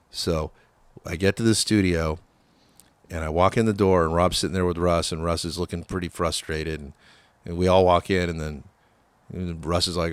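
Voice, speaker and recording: A man with a fairly low voice tells a rambling story, heavy on swearing, and he acts out the lines of the people in it. The sound is dry and close, with no room around it. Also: moderate pace, no echo. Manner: profane, rambling, acts out quoted dialogue. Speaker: guest musician. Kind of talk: casual storytelling interview.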